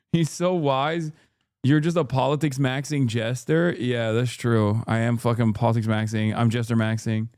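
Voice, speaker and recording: A man's voice: medium pitch, fairly even intonation, a little slow, darkish tone, clear, resonant tone, no echo, studio quality. A man streaming, reacting to a clip in casual, profane commentary, rambling with restarts and asides to his chat.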